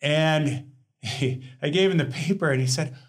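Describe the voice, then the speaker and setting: A male scientist guest telling a story in a podcast interview, lively and laughing as he acts out the people he quotes. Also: on the high side, measured pace.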